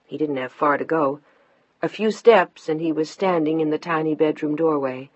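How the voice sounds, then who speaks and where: Woman audiobook narrator, very low and husky, steady delivery. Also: normal speed, no echo, dull audio. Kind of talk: scripted narration.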